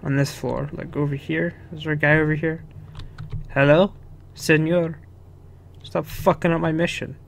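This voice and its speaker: A man's voice: a little high, flat delivery, moderate pace, gravelly, pauses often, a little hiss or hum. Swearing young man narrating his gameplay. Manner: swearing, chuckling, talking to himself. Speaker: gaming video host. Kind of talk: casual let's-play commentary.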